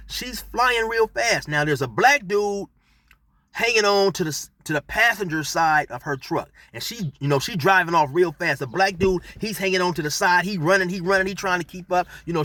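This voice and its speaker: A man's voice: high voice, pushed and bright, no echo. Laid-back middle-aged man spinning a street tale. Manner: laid-back street slang, rambling with fillers. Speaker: storyteller. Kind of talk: casual storytelling.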